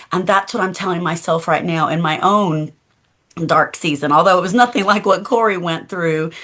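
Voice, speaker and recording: Earnest low-voiced woman storyteller. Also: fairly bright tone. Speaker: guest author. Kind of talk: storytelling devotional.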